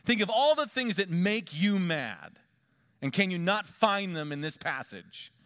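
A male pastor preaches a sermon in a high-pitched, very animated voice that rises and falls. Emphatic, he keeps hammering the congregation with rhetorical questions, swinging between loud stress and a near hush that stretches out key words.

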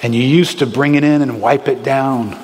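A man preaching a sermon in a lively, conversational way, with bursts of excitement. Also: mid-range voice, normal speed. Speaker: pastor. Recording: reverberant hall with faint ambience.

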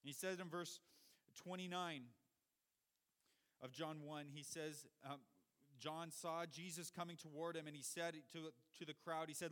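Guy preaching a bible sermon, a bit higher voice, explains verses like a teacher. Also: fairly even intonation, a little slow, fairly bright tone.

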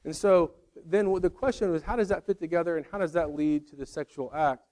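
A man's voice: on the high side, brisk, a little mellow. A middle-aged man giving a sermon, conversational with self-deprecating humor and acted-out quotes. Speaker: pastor.

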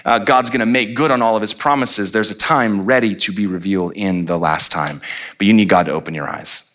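Bright-voiced preaching pastor, man. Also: lowish voice, fast talker. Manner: animated preaching with playful asides, rising to near-shouts. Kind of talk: sermon.

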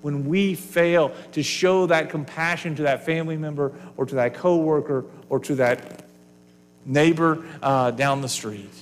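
Man preaching, earnest, higher voice, long hall reverb, faint hum. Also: measured pace. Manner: earnest, varies loudness, drops to a whisper at times. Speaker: pastor. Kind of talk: sermon.

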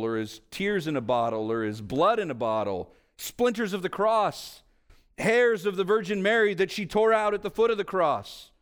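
A pastor delivers a sermon, his pitch and volume swinging animatedly as he weaves in stories.

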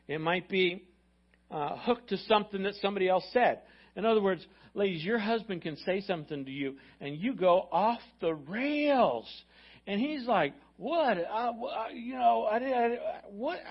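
A male pastor preaching an energetic, repetitive sermon and acting out quotes. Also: high voice. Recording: slightly muffled recording.

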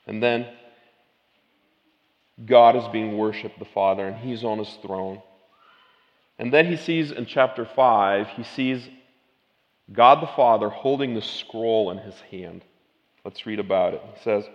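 A man's voice: fairly low pitch, measured pace, long pauses, long reverb tail, dull audio. A man preaching a sermon, moving between casual asides and emphatic scripture reading. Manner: reads scripture with rising, emphatic intensity.

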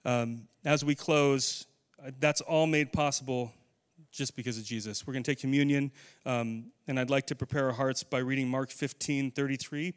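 A man preaching a sermon in a church, earnest, slowing and softening into prayer. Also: mid-range voice, fairly even intonation, smooth. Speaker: pastor.

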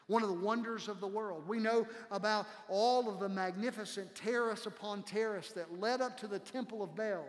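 A male pastor preaching a sermon, dramatic and slowing down hard to land key words. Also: sits high, a bit bright, long reverb tail. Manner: dramatic preaching, slows for emphasis.

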